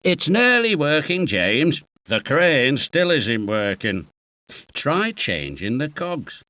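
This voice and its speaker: A man's voice: a little high, big pitch swings, takes it slowly, sharp tone, dry recording. A man from the UK giving patient, encouraging instructions as narrator of a children's game, recorded in a studio. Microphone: close studio mic.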